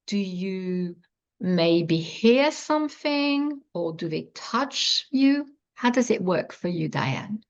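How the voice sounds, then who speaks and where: A woman interviewing a guest over a video call, asking questions slowly and gently. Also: mid-range voice, big pitch swings. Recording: dull lo-fi video call audio.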